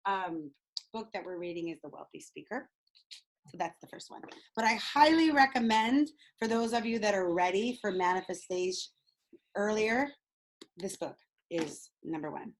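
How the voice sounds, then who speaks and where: A woman leading a group coaching call over video, bubbly and excitable, laughing often. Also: medium pitch, moderate pace, low-quality recording. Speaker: speaking coach.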